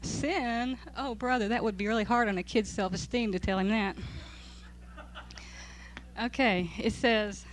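A woman teaching a Bible study to a group in a relaxed, chatty way. She is amused, laughs often, and reads passages aloud to make her points. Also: a little high, normal speed. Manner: conversational, amused, laughs while reading aloud. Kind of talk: church talk to a group.

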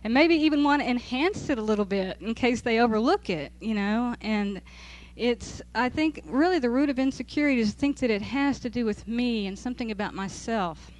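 A woman's voice: a little high, expressive, fairly quick, few pauses. A woman leads a Bible study in an easy, conversational voice. She teaches from scripture to a group and talks informally. Her amusement comes through often, with laughter as she reads. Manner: conversational, amused, laughs while reading aloud. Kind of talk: church talk to a group.

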